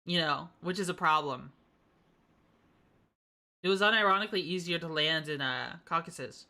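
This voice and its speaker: A woman's voice: deep voice, moderate pace, pushed and bright. A woman streaming a flight game, chatting casually with her viewers, playful and laughing often. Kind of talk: casual gaming stream chat.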